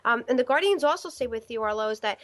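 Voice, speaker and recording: A woman's voice: a little high, lively intonation, fast, a bit bright. A woman hosting a live call-in psychic show, talking in a rambling way with many fillers and restarts. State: stiff neck. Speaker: psychic medium show host.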